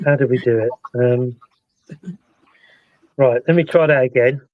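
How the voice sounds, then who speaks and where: A British man hosting a casual live-stream chat about a paranormal investigation, talking in a relaxed, rambling way. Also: mid-range voice, a little slow, no room sound, narrow, tinny audio. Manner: relaxed, chatty, recounts events at length. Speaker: paranormal investigator and show host.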